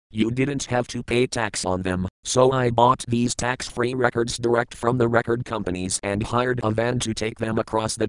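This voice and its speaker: A male audiobook narrator telling a first-person story in a measured, plain way. His voice is smooth and clear at a middle pitch. The recording is dry and close, with no room sound. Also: no echo, low-quality recording.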